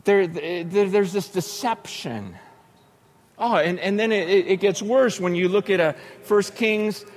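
Animated, high-voiced male preacher. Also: measured pace. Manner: animated storytelling with acted-out voices and sudden shouts. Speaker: pastor. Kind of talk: sermon.

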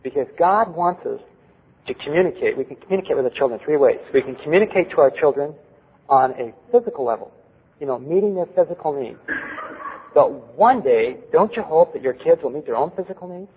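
Brief: middle-aged male preacher, slightly high husky voice, earnest, tinny lo-fi recording. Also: animated, fairly quick. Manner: earnest, asks the audience rhetorical questions. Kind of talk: sermon with personal story. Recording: tinny lo-fi recording with long hall reverb.

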